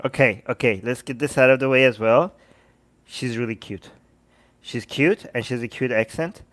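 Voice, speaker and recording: A man hosting a livestream, reacting to videos with sarcastic, animated commentary and talking to his chat. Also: mid-range voice, normal speed. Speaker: livestream host.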